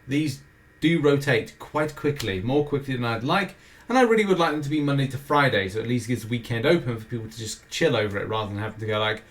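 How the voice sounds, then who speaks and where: A man's voice: medium pitch, fast talker, a bit bright. A British man hosting a weekly gaming show, rambling through the schedule with jokey, self-mocking asides. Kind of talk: casual weekly game schedule rundown.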